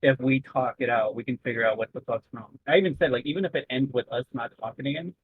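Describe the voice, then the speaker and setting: A man's voice: mid-range voice, fast, a little hiss or hum. A man talking loosely with mumbled diction and frequent swearing in a casual stream chat. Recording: tinny phone-like voice call.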